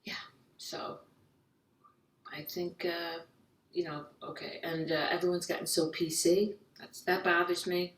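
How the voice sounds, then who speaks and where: A woman comedian, delivering a stand-up set in a slightly low voice. She keeps tumbling into fast, fretful inner monologues. The sound is roomy and echoey, picked up from some distance off the mic. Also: little pitch movement. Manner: rapid anxious rambling in acted inner monologues. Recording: echoey room heard from far off.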